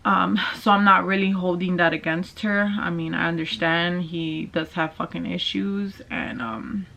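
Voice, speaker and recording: A woman's voice: lowish voice, fairly even intonation, unhurried, gravelly, a bit bright. Candid, swearing young woman vlogger. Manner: candid, casual, swears freely, slangy. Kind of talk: storytime vlog. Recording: dull lo-fi sound.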